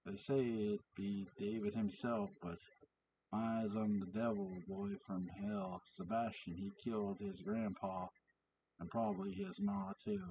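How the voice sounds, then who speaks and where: A man reads the part of a gruff, accusing Scottish fisherman shouting in a village pub, low and slow in delivery. The voice sits back from a distant mic with a faint hiss underneath.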